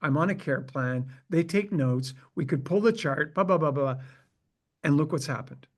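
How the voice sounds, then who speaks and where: A man in his seventies, a guest in an interview, telling a personal story in a lively way and acting out the dialogue he quotes. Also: fairly high pitch, normal speed. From Canada. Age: 70s.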